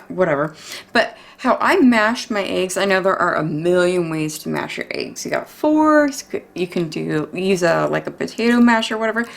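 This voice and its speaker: A woman talks through a recipe in her kitchen, loose and chatty. She is exclamatory and drops swear words freely as she goes. Her voice sits in a middle pitch for a woman. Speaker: home baking vlogger. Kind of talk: casual cooking chat.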